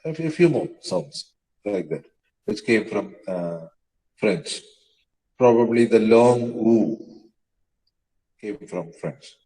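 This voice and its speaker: Slow, halting lecturer, low voice, echoey. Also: male voice, expressive, dark tone. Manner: slow, hesitant, many fillers, spells words out letter by letter. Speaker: teacher. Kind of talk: lecture on language history.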